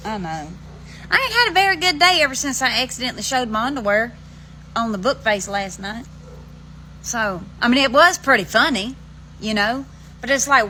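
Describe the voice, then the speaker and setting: A woman's voice: a little high, bright, forceful tone, a little hiss or hum, poor audio. A woman with an Alabama Southern accent, chatting casually to her phone while sitting outside on her front steps, rambling in folksy country slang. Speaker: vlogger. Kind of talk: casual chat to camera.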